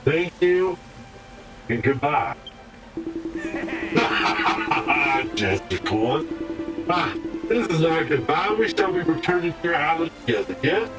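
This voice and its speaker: Guy doing a sing-songy sucking-up villager angling for mayor, mic far off, loud game music. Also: on the high side, takes it slowly, pauses often. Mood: wheedling. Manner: flattering, wheedling, theatrical.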